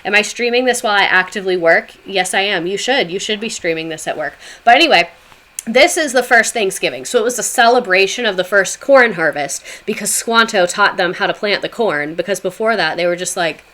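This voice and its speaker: A woman's voice: medium pitch, expressive, brisk, sharp tone. A woman livestreaming a casual history talk, chatting with viewers in a sarcastic, chatty way with swearing asides.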